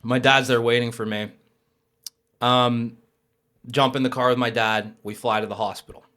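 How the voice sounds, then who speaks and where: A young adult man telling a personal story as a podcast guest, lively and casual, with swearing. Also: medium pitch, normal speed. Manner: animated, swears, acts out quoted voices.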